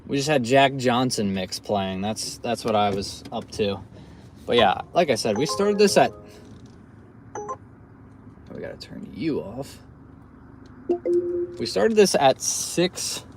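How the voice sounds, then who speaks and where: A man live-streaming while driving for delivery apps, chatting casually and excitedly shouting catchphrases out the car window. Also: medium pitch, background noise.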